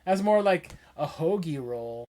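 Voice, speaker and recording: A man's voice: fairly high pitch, lively intonation, unhurried, dark tone. A man in casual podcast chat, rambling loosely and filling his talk with "like". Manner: rambling, full of fillers like "like". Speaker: podcast co-host.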